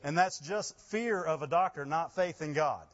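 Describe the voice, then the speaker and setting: Animated preaching man, lo-fi. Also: a little high, normal speed. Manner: animated, rising to loud emphasis and laughing asides. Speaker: pastor. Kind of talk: sermon.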